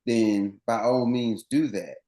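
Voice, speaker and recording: A man's voice: mid-range voice, fairly even intonation, slow, dark tone, roomy sound. A man running coach, interviewed as a guest on a podcast, explaining things earnestly at length with many restarts.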